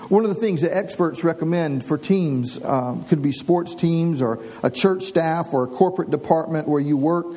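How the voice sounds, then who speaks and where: A man preaching a sermon as pastor, earnest and slowing down to read scripture aloud. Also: fairly high pitch, a little mellow, rough recording.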